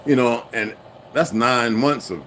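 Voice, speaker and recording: A man's voice: mid-range voice, unhurried, fairly bright tone, a little hiss or hum. A man hosting a livestream, ranting bluntly and with heavy profanity to his viewers. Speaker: livestream host. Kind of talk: unscripted livestream rant.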